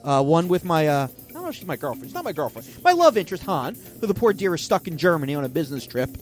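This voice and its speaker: A man's voice: a little high, big pitch swings, quick pace, soft background music. A man hosting a comedy show, telling a story and reading chat messages aloud in a playful, mock-dramatic way. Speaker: podcast host reading scam chats.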